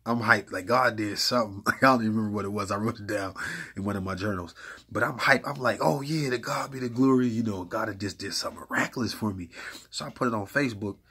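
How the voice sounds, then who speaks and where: Man, low husky voice, casual faith talk that turns animated in stories. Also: fast talker. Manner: conversational, uses many fillers like "you know what I'm saying"; gets animated and hyped when retelling stories. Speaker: faith speaker. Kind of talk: casual spoken encouragement about faith.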